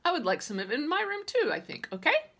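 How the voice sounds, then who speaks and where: A cheeky, bossy little kindergarten girl from a children's audiobook, as a woman reader puts her on. She talks high, loud and sassy, with a bright, edgy tone and some gravel in it. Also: huge pitch swings, fast talker, exaggerated voice.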